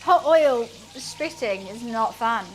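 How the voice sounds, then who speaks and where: A woman's voice: a little high, expressive, slow pace. A woman streaming herself cooking in a home kitchen, chatting casually and self-deprecatingly to her chat. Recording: faint frying noise behind. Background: sizzling frying.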